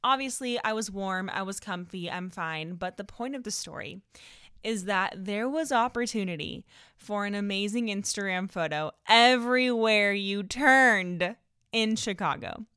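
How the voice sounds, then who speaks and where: A woman's voice: mid-range voice, a little slow, a bit bright, smooth, no room sound, studio quality. A young woman with a Californian Valley girl accent, hosting a casual solo podcast and telling a story in a bubbly, dramatic way, laughing often and saying "like" a lot. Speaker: podcast host.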